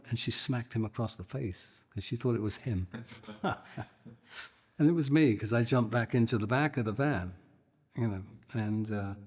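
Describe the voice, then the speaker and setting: An older man, a guitarist, telling a lively anecdote and acting out the people in it. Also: on the low side, breathy edge, long reverb tail. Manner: animated, acts out the people in his story. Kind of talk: anecdotal storytelling.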